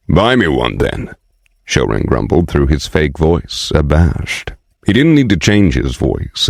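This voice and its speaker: Deep-voiced male audiobook narrator. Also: no echo, clean studio sound. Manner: steady, measured storytelling.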